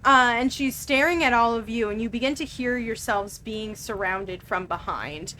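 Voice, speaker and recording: A woman narrating a tabletop game as game master, with many pauses and fillers. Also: a little high, sharp tone. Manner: hesitant, filler-heavy narration.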